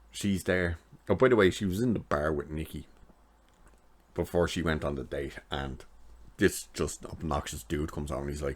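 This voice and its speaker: Very deep-voiced man recapping an episode. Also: moderate pace. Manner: rambling retelling, many filler "like"s. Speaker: TV episode reviewer.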